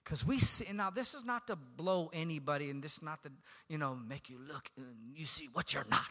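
A man's voice: on the high side, a little fast, sharp tone. A man preaching a sermon as pastor, talking conversationally and joking with his congregation. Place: church sanctuary. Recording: long hall reverb.

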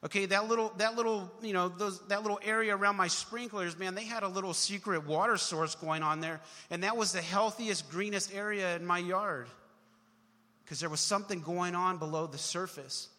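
A young man preaches to his congregation in a high, bright voice. He drives his points with emphatic surges and sudden quiet drops. The sound rings with the long reverb of a large hall. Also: normal speed. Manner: emphatic, builds to shouts then drops low. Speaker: pastor. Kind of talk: sermon. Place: church hall.

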